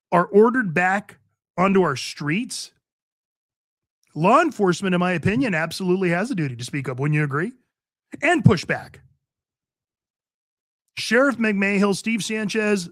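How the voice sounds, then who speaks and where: Brief: fired-up male radio host, high-pitched and animated, opinionated studio monologue. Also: dry recording. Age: older. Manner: fired-up, emphatic, repeats points. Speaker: radio talk show host. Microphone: studio microphone.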